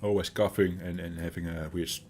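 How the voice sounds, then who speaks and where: A man's voice: deep voice, little pitch movement, brisk, darkish tone. A man in his thirties with a Dutch accent, chatting casually with his stream chat, rambling with fillers as he answers them. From Netherlands.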